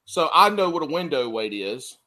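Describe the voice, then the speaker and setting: A man hosting a casual podcast, animated and quick to laugh, swearing freely. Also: fairly high pitch. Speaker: podcast host. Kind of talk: casual chat.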